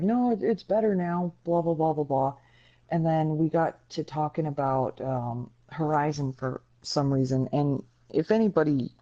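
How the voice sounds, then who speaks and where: Woman podcast co-host, mellow voice, blunt and profane, lo-fi recording. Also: very deep voice. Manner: candid, blunt and profane storytelling. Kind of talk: casual podcast chat. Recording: dull lo-fi sound.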